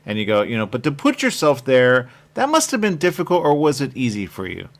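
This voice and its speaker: A man interviewing filmmakers, chatty and rambling, telling animated stories. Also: medium pitch, a little fast. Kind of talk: festival interview.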